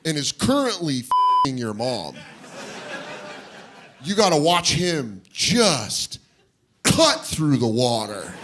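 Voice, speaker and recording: Animated man telling funny stories. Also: fairly high pitch, background noise. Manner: animated, shifts into loud impressions of others. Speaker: podcast host. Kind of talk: comedic storytelling and casual chat.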